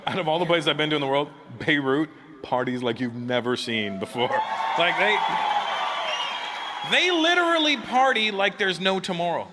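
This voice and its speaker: A male stand-up comedian rambles through crude stories on stage, laughing at his own jokes. His voice sits a little high, and the live recording is noisy. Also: expressive, normal speed. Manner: rambling, crude storytelling that keeps checking in with the crowd. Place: stage before a live audience.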